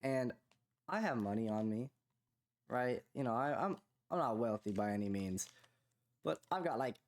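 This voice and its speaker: A young man co-hosting a podcast, telling a long casual story full of fillers like "like" and "you know", rising in pitch when he quotes other people. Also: moderate pace. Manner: rambling, filler-heavy, animated when quoting others. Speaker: podcast co-host.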